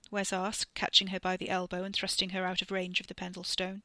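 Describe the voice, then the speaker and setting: Woman narrator, bright tone, dry sound, measured scripted reading. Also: on the low side, monotone, no room sound. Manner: measured, reading with acted dialogue.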